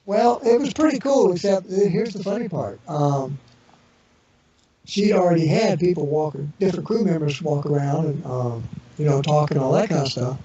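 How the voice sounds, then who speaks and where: A man's voice: on the high side, moderate pace, dark tone. A man as an interview guest, telling rambling casual anecdotes full of fillers and restarts, acting out the voices of people in his stories. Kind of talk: casual storytelling. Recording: echoey, distant, muffled internet radio audio with crowd noise.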